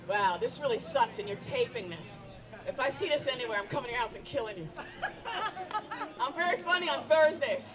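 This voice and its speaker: A middle-aged woman doing a stand-up set outdoors, teasing herself and bantering with the crowd. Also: fairly high pitch. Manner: self-deprecating, bantering with the crowd. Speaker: stand-up comedian. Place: outdoor event. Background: crowd of onlookers.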